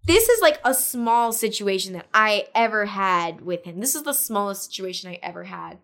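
A woman's voice: medium pitch, moderate pace. A young woman chatting as a podcast guest, telling a personal story. She talks loosely with constant "like" fillers and acts out what others said along the way. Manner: animated retelling with many "like" fillers, acting out quotes.

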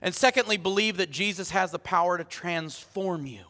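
High-voiced animated man preaching. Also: moderate pace. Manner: animated, rallying, repeating phrases. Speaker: pastor. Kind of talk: sermon. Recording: reverberant hall.

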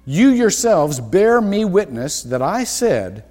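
Lively preaching man in a reverberant church. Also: sits high. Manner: rambling, self-interrupting, with quick asides and chuckles. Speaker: pastor. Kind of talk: sermon. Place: church sanctuary.

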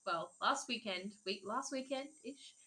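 A woman's voice: on the high side, a little slow, pushed and bright, a little hiss or hum. A young woman co-hosting a podcast in casual chat, giggly and swearing, jumping between jokes. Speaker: podcast co-host. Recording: echoey room.

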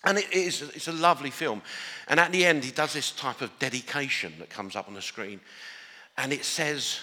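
English-accented guy preaching in a church, bright voice, long reverby hall, earnest and building up. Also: medium pitch, moderate pace. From Northern Ireland. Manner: earnest, with many restarts, builds to emphatic declarations. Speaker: pastor. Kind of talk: sermon.

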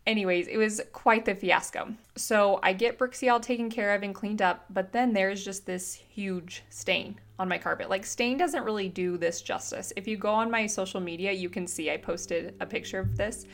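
A woman in her thirties hosting a podcast, telling a story in a chatty, animated way, full of slang and fillers. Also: mid-range voice, moderate pace, hardly any pauses. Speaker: podcast host. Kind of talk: casual storytelling monologue.

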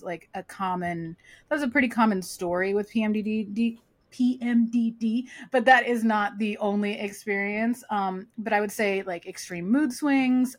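Chatty woman podcast co-host. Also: medium pitch. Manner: chatty, lots of fillers and "like". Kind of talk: casual chat.

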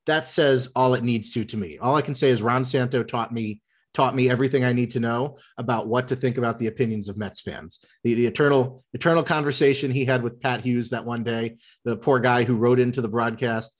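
Man with a middle-pitched voice, wry and deadpan, sports show host. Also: brisk. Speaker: podcast host. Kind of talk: casual sports talk.

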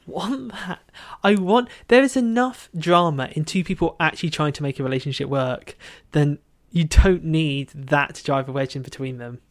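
A man co-hosting a podcast in casual book chat, animated and exasperated, acting out characters in quick asides. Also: on the high side. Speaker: podcast co-host.

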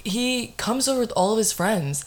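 A young woman in her twenties, hosting a casual podcast and telling a story in an animated way with lots of fillers and swearing. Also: fairly high pitch, normal speed. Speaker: podcast host.

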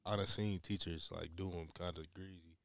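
Young man, very low voice, relaxed halting chat. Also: vocal fry. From Memphis, USA. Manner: laid-back, halting, full of "like". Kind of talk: casual chat.

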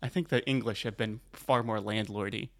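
A man co-hosting a comedy history podcast, explaining history in a halting, chatty way. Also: fairly low pitch, fairly even intonation, a bit bright. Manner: explaining, halting, laughing often.

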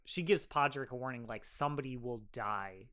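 A man co-hosting a podcast in casual chat, enthusiastic and quick to act out quotes. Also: medium pitch, bright, forceful tone. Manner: enthusiastic, acts out quotes, laughs often. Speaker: podcast co-host.

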